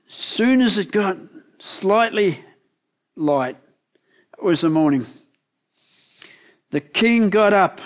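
Slow, high-voiced male preacher. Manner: asks the listeners questions, retells the story vividly. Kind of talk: sermon with Bible storytelling.

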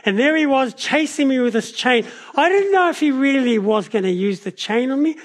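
A man preaches a sermon in a notably high voice. He tells stories in an animated way, shifting his pace and loudness as he goes. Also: normal speed. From New Zealand. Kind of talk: sermon with personal storytelling.

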